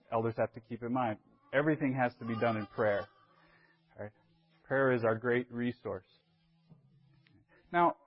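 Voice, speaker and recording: A man's voice: medium pitch, lo-fi sound. Man teaching a Bible class. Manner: conversational, keeps checking in with the class. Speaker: church elder teaching a class.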